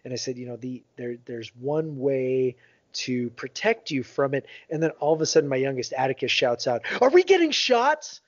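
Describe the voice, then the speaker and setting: A man in his thirties, co-hosting a podcast, telling a long anecdote in casual chat, with many fillers and lively voiced quotes. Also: medium pitch, moderate pace, no echo. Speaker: podcast co-host. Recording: dull lo-fi podcast audio.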